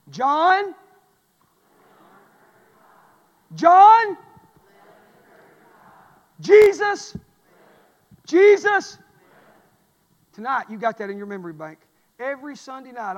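A man preaching a folksy sermon, telling stories and rising into shouts. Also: high-pitched. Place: church sanctuary. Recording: long reverb of a church hall.

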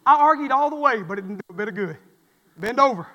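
A man preaching a sermon, telling folksy stories and swinging from loud cries to low murmurs. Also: animated, quick pace, in a large hall, lo-fi sound.

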